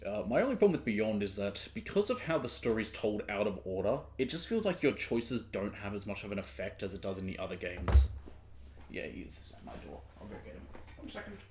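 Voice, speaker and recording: A young man chatting casually to his stream while playing, rambling with quick asides. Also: on the low side, darkish tone, a little hiss or hum. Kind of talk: casual gameplay commentary.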